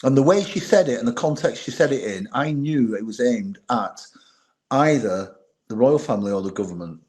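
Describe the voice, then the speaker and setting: A man, a former bodyguard telling candid, lively anecdotes as a podcast guest. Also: mid-range voice, normal speed. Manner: candid, animated anecdotes with laughter. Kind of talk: storytelling in a podcast interview.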